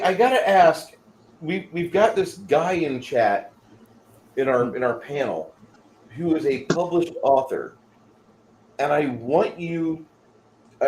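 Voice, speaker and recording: A joking, slightly distracted host with a somewhat high voice. He sounds roomy and echoey. Faint background noise runs under him. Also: a little mellow. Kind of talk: casual livestream chat.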